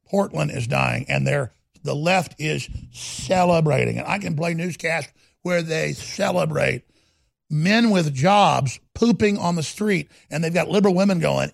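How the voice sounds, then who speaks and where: A man hosting a talk radio show, delivering a heated, ranting monologue that swings between loud and quiet. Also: fairly high pitch, vocal fry, no echo, studio quality.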